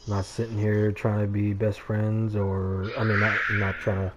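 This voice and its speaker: A man's voice: fairly low pitch, monotone, measured pace, dull audio, heavy background noise. A man in a casual voice chat, hesitant and mediating, with many fillers.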